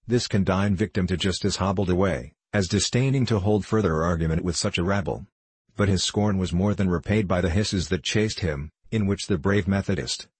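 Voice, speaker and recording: A man narrates a classic novel in a measured, steady way. His voice is deep and husky, and the recording is dry and close with no room sound. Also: no echo. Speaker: audiobook narrator. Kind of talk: scripted narration.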